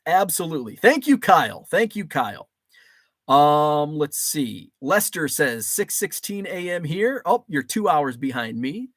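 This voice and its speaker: A fairly high-voiced man from Illinois hosts a relaxed livestream, reading out viewer comments and riffing on each one. He rambles along with plenty of ums and restarts, and the sound is close and dry with no room echo. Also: measured pace. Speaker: livestream host.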